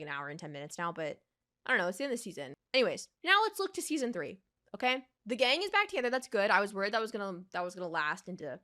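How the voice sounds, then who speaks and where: A woman's voice: medium pitch, bright, forceful tone. A young woman hosting a reaction video, ranting in a heated, profane way and addressing the character directly, worked up and sweating. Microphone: desk microphone.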